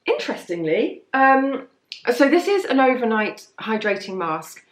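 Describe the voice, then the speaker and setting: A woman's voice: fairly high pitch, very animated, measured pace. Woman, beauty vlogger, chatty rambling review, echoey room. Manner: chatty, rambling, self-deprecating. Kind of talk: casual product review.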